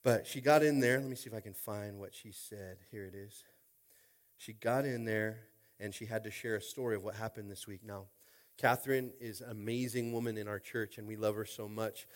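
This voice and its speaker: A man preaching a sermon as a pastor, informal and jokey, dropping to quiet talk and then rising to shouting. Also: steady tone, fairly quick. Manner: swings from quiet, low talk to loud shouting; informal, jokey, with repeated "are you with me?".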